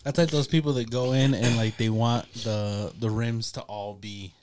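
A man's voice: medium pitch, fairly even intonation, background noise. Wisecracking man, casual podcast chat. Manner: joking, quick comebacks, swears. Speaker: podcast co-host.

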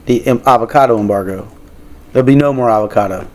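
A man's voice: mid-range voice, quick pace, darkish tone. A man co-hosting a casual podcast, joking and rambling with some swearing. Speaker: podcast co-host.

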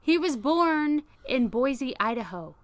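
A woman co-hosting a casual podcast, animated and laughing often, swearing freely as she recaps an old sitcom. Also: high-pitched, slow, no room sound. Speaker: podcast co-host.

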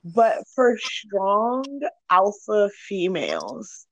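A woman's voice: mid-range voice, wildly swooping pitch, very slow, a bit bright. A young woman hosting a candid podcast chat, talking frankly and with lots of swearing, rambling through her thoughts with many fillers. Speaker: podcast host.

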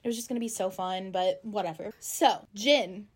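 A young woman talks casually as a podcast co-host, chatty and full of fillers. She tells a story and acts out the quoted lines as she goes. Her pitch sits in the middle. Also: normal speed, slightly rough. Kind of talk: casual chat, telling a fan-fiction story.

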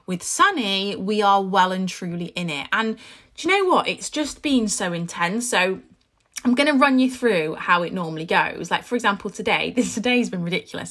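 A British woman and podcast host chatting casually about her children, telling stories in a lively way with frequent asides. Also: mid-range voice. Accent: British English. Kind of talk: casual chat.

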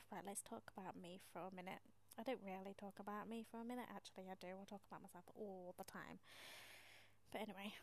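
A woman's voice: medium pitch, a little mellow. A woman hosting a casual monologue, chatty and self-mocking, often half-whispering, laughing and swearing as she tells her story. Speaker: podcast host.

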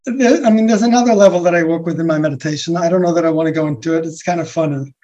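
Guy musing about spirituality, soft mellow voice, lots of restarts, kinda dull lo-fi sound. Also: fairly high pitch, racing. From USA. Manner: rambling, soft-spoken, many restarts and fillers. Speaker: guest. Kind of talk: reflective spiritual conversation. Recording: dull lo-fi recording.

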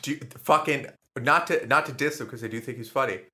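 Medium-pitched and sharp-toned, a young man co-hosts a podcast, chatting briskly and casually. His talk rambles, is loaded with fillers, and is laced with swearing.

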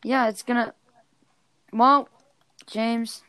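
Teen girl gaming co-host, high-pitched, giggly and loud, dry close sound. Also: extremely slow, smooth, no room sound. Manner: giggly, excitable, loud outbursts. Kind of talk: casual gameplay chat.

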